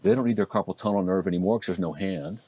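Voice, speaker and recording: A middle-aged man from Oregon, a hand surgeon telling stories and explaining procedures in a folksy, animated interview manner. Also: deep voice, fast, vocal fry, highs cut off. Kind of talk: conversational interview storytelling.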